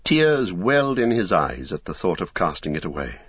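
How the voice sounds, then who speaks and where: A man narrating a novel in a measured, solemn storytelling manner. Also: low-pitched, sing-song, breathy edge, no room sound, muffled recording. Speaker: audiobook narrator.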